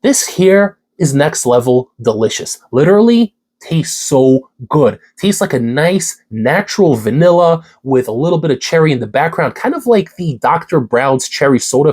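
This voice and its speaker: A man's voice: mid-range voice, husky. Congested, hyped man reviewing supplements. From New York City. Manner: hyped, energetic, casual with slang. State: congested, hoarse voice. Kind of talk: hyped product review vlog.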